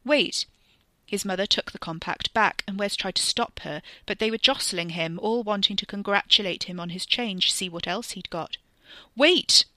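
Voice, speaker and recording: A woman reading a serialized story aloud with expressive, tense narration. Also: medium pitch, normal speed, hardly any pauses, no echo. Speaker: reader.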